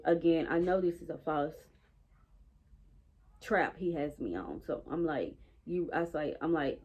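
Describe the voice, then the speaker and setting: A woman with a low, husky voice tells a long storytime while working out, animated and exasperated as she replays her own side of arguments. The recording is slightly dull and lo-fi. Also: moderate pace. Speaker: vlogger telling a story. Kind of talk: casual storytime chat.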